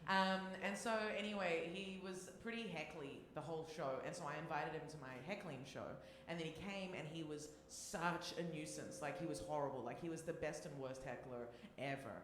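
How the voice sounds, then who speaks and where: A woman's voice: low-pitched, normal speed, few pauses, echoey room, background noise. A woman comedian hosting a live podcast on a theater stage, joking and laughing at herself. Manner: laughing, joking, self-deprecating. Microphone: stage microphone.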